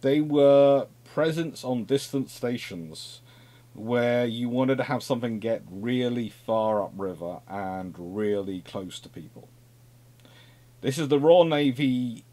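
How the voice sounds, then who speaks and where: A man giving an informal naval history lecture in a lively, conversational way, with asides and repeated phrases. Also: mid-range voice, slow.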